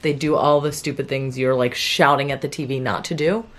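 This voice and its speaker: Young woman book vlogger, low voice, chatty and animated with her viewers. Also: fairly quick. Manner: chatty and animated, talks to viewers, laughs often. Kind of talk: casual chat to camera.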